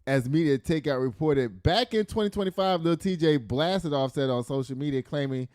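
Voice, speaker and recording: A man hosting a casual celebrity gossip show, reading news aloud with animated, profane commentary and frequent laughter. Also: fairly high pitch, moderate pace. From the Bronx. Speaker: podcast host.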